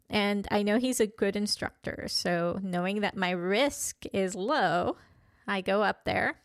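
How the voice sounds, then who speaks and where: Thoughtful woman in her fifties, crisp dry voice. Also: mid-range voice, a bit bright, no echo. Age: 50s. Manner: thoughtful, candid, with frequent pauses and restarts. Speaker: vlogger. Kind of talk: personal reflective monologue.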